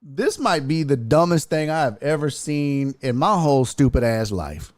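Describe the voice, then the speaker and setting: A man's voice: a little high, normal speed, no echo. A man hosting a casual live-streamed sports show, ranting and cursing freely. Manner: profane, ranting, animated.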